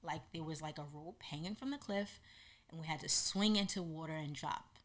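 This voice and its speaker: A woman hosting a podcast, telling a personal story in an animated way and acting out what people said. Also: low voice, moderate pace. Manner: animated, acts out quotes in lively voices. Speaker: podcast host.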